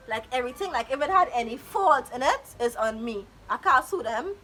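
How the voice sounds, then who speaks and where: A woman vlogger with a high, bright voice tells her story in a casual, chatty way. She is animated and dramatic, slipping into quoted voices as she goes. A faint hiss sits under the recording. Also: brisk, hardly any pauses, low-quality recording.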